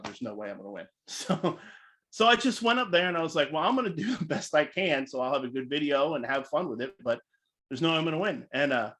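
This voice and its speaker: A man telling a story in a casual, animated way, acting out other people's voices and using "like" a lot. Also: on the high side. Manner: animated, acts out voices, filler "like". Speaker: featured speaker.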